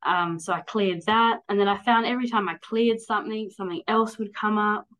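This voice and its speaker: A woman's voice: mid-range voice, fairly even intonation, fairly quick, fairly bright tone, rough recording. A woman, talking candidly and at length as a podcast guest, with many "like"s and "um"s. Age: 30s. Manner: candid, rambling, frequent "like" and "um". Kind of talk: casual interview chat.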